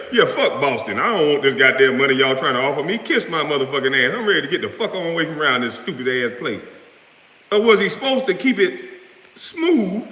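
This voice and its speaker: A man's voice: high-pitched, pushed and bright. Male streamer, angry profane rant, recorded in a roomy space with long reverb. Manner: profane, confrontational, trash-talking. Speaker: live-stream host. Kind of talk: heated live-stream rant.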